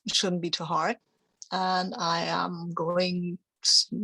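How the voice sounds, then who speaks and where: A woman at a tabletop game, talking her plans through in a rambling, self-reassuring way. Her voice is bright and close, in a dry, dead room. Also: on the low side, dry recording, poor audio. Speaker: player. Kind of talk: casual tabletop play.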